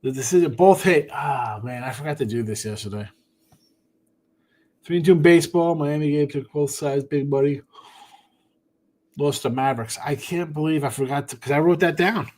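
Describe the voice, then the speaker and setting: A man's voice: on the high side, normal speed, long pauses, a little mellow. Rambling tired sports-betting host, man. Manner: rambling, offhand, talks to chat by name. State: tired, yawning. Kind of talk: casual live-stream chat reading viewer comments.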